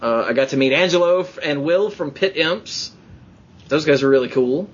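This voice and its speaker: An excitable man hosts a casual podcast chat, his voice husky and a little breathy. He tells rambling stories and acts out the quotes in a climbing voice. The audio is muffled and lo-fi. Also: on the high side, normal speed. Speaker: podcast host.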